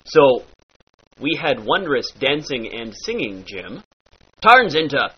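A sing-song, medium-pitched male accent teacher takes his time while leading a playful pirate-speech lesson. He demonstrates every sound and leans on mock-archaic phrasing. The recording is dull and lo-fi.

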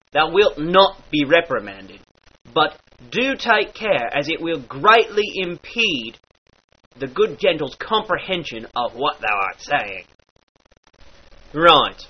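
A man teaching the sounds of an old-style dialect, with slow demonstrations and mock-archaic phrasing. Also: a little high, sing-song, husky. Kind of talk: instructional lesson with example phrases. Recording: dull lo-fi recording.

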